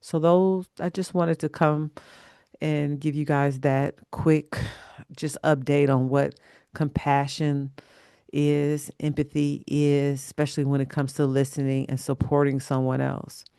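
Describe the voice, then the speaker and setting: A man, a holistic self-love coach, talking through a reflective vlog in a slow, measured, gentle way, repeating words for emphasis. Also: fairly high pitch, flat delivery, vocal fry, clean tone, no room sound, clean studio sound.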